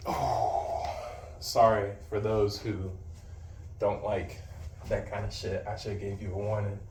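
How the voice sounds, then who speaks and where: A man's voice: fairly low pitch, level tone, unhurried, far from the mic. Blunt, slangy man vlogging in a roomy space. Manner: blunt, swearing, slangy and boastful. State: a little out of breath. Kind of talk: casual direct-to-camera vlog talk. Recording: roomy sound from off the mic with faint background noise.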